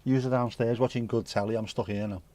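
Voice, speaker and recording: A man's voice: medium pitch, fairly even intonation, fast, darkish tone. Sweary man chatting on a livestream. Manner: rambling, jokey and sweary, full of British slang. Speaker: livestream host. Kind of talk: casual livestream chat, reading out viewer messages.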